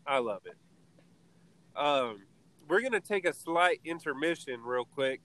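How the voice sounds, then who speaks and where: A man co-hosting a casual podcast, talking loosely with slang and getting excited about fights. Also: a little high, a little slow, poor audio. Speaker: podcast co-host.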